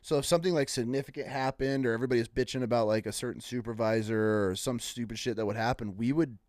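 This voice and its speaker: A man in relaxed casual chat, speaking loosely with fillers and curse words. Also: mid-range voice, quick pace, no room sound, clean studio sound. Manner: relaxed, profane, filler-heavy talk.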